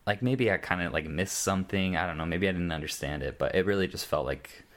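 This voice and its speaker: Very deep-voiced man rambling casually. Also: fast talker, a bit bright. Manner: rambling, many fillers and restarts. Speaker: storyteller. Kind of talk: casual podcast chat. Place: podcast setup, in from Grand Rapids.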